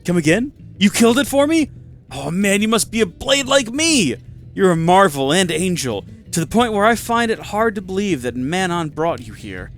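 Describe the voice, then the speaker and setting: A man's voice: high voice, sing-song, moderate pace, soft background music. A man voicing a hotheaded, vain young man who rants in exasperation. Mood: angry, ranting. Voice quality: ranting, exasperated.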